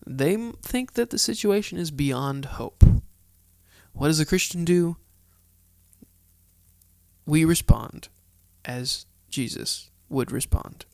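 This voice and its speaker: A man's voice: medium pitch, slow pace, creaky, long pauses, no echo, clean studio sound. A man hosting a podcast, reading scripture aloud in a casual Bible study with chatty, earnest asides. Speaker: podcast host.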